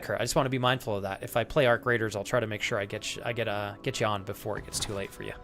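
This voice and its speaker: A man's voice: fairly low pitch, fairly even intonation, very fast, fairly bright tone, soft background music. A man streaming a video game, chatting casually with viewers, calling them by name and swearing now and then. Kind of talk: casual live-stream chat.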